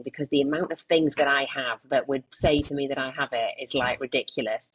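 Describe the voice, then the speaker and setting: A woman's voice: low voice, fast talker, few pauses, breathy edge, rough recording. A woman in her late twenties with an English accent, a podcast guest talking candidly in a frank, rambling way with casual swearing. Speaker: guest, content creator.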